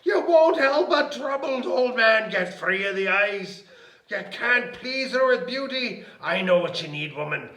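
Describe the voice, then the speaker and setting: A squeaky Irish leprechaun. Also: male voice, sing-song, normal speed, few pauses, echoey room, exaggerated voice. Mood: scornful. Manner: shouting, scolding. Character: tiny bad-tempered male leprechaun, old and greedy.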